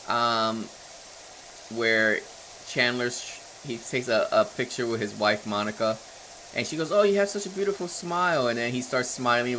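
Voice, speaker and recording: Man, 30s, streamer; chatty and rambling, bright tone, faint game sounds behind. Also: a little hiss or hum. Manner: rambling and chatty, laughs often, reads chat aloud; animated, jumps in pitch when excited. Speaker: livestreamer playing a game. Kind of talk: casual live stream chat.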